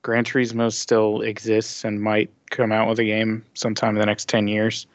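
A man hosting a casual gaming news podcast, relaxed and laughing often as he reads from press releases. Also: lowish voice, normal speed, no echo. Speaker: podcast host. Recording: dull dry lo-fi sound.

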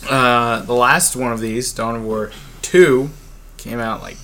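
A man's voice: mid-range voice, fairly even intonation, a little slow, sharp tone. A man co-hosting a casual gaming podcast, chatty and easygoing as he describes games he saw. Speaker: podcast co-host.

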